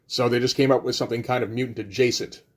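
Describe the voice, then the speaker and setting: A man's voice: medium pitch, steady tone, fast. A middle-aged man giving casual commentary as a comic book reviewer, wry and rambling with offhand asides.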